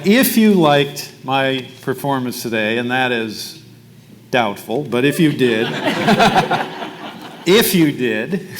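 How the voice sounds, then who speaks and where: Mayor type man, speech at a breakfast, lots of uhs, self-mocking, faint room noise behind. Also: mid-range voice. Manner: self-deprecating, halting with many fillers. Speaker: mayor giving remarks.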